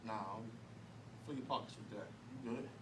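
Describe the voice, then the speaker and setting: A man voicing a smooth-talking adult male gang recruiter who speaks in low, hushed street talk, friendly and coaxing but casually stern. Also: normal speed, close to an everyday voice. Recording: distant echoey room with faint noise.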